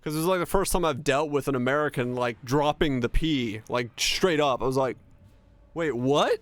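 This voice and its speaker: A young man from Finland whose first language is Finnish, chatting casually with his stream chat, swearing freely and telling animated stories with frequent laughs. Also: mid-range voice, normal speed, no room sound. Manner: profane, animated storytelling, laughs often.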